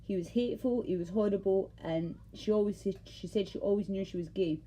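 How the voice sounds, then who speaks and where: A woman's voice: mid-range voice, brisk, warm tone. A Scottish woman ranting to camera in a heated, rambling way, swearing and cutting herself off mid-thought. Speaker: vlogger. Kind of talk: casual ranting monologue to camera.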